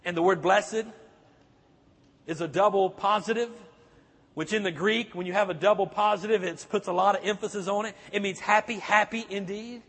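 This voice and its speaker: A pastor preaching with a very high, husky voice that rises and falls widely as he presses his listeners with question after question. His voice rings through a church hall with a long, lingering reverb. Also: fairly even intonation, moderate pace, fairly bright tone. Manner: emphatic preaching with rhetorical questions to the congregation. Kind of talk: sermon.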